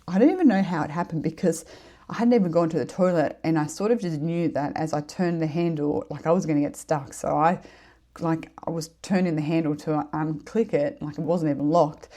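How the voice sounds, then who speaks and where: Middle-aged woman, low voice, warm and mellow, casual rambling storytelling, fillers and giggles. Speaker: podcast host.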